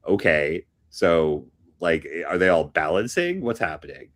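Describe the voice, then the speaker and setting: A man hosting a script workshop reads stage directions aloud and drops dry, wry asides. His voice is very low. He talks at an unhurried, slow pace. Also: very animated, fairly bright tone. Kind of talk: reading scripts aloud with commentary.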